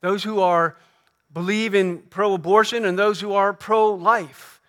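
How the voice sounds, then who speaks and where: A man with a high-pitched voice delivers an earnest Sunday sermon from the pulpit. He presses his points by repeating phrases and slowing down to lean on quoted lines. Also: fairly even intonation, a bit bright. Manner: earnest preaching with emphatic repeated phrases and slow stressed quotes. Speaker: pastor. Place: church sanctuary.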